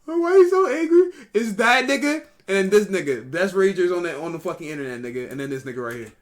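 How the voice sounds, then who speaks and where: A male streamer reacting to videos in loose, casual slang, easily amused. His voice sits high and moves animatedly up and down. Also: expressive, fast, a bit bright. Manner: laid-back, slangy, amused.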